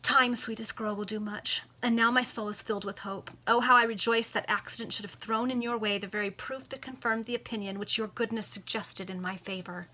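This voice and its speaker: A woman voicing an earnest, passionate young gentleman while reading a Victorian novel aloud, in melodramatic declamation. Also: on the high side, fairly even intonation, fairly quick, hardly any pauses. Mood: pleading.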